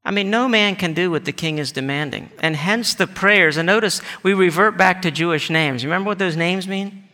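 A man's voice: high-pitched, a little fast, pushed and bright. A male pastor preaching a sermon in an earnest way, asking the congregation rhetorical questions. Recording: reverberant hall.

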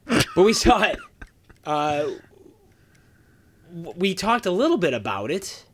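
Male podcast co-host, slightly higher voice, relaxed joking delivery. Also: slow, a little hiss or hum. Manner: easygoing, reads plugs and jokes dryly. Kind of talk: casual chat.

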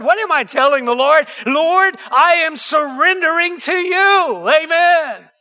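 A man's voice: very high voice, pushed and bright. A male pastor preaching a sermon in church, calling out to the congregation for amens. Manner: preaching with call-and-response asides. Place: church sanctuary.

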